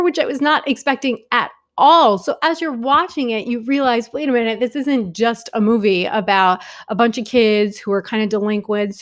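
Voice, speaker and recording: A young adult woman talking casually and enthusiastically about films she watched, with many fillers and restarts. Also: medium pitch. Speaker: film vlogger. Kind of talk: casual movie review talk.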